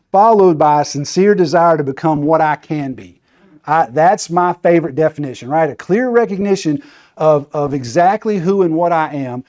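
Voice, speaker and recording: A man's voice: a little high, darkish tone. A man giving a casual training talk, chatty and conversational, often checking in with "right?". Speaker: training presenter.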